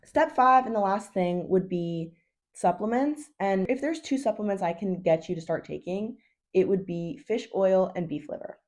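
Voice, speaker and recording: A woman's voice: mid-range voice, normal speed, a little mellow. A woman health coach giving blunt, chatty advice in a casual vlog, swearing freely and saying "like" all the time. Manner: blunt, chatty, swears, says 'like' constantly.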